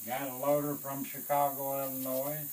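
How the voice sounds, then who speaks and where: A man, a Vietnam veteran, telling a war story in an animated way, swearing and acting out the voices of others. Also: medium pitch, moderate pace, a little hiss or hum, poor audio. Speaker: Vietnam veteran recounting service.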